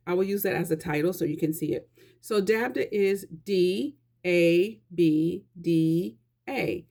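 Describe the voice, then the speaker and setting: Talking earnestly to her viewers, a woman gives life advice in a relaxed, conversational vlog. She has a lowish, mellow voice roughened by vocal fry.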